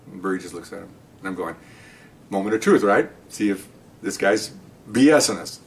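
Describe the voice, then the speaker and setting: A man's voice: low voice, expressive, brisk, creaky, pauses often, far from the mic. An older man, a retired police officer, casually telling a profane story and acting out the voices of the people in it. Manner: rambling, profane, acts out the voices in his story.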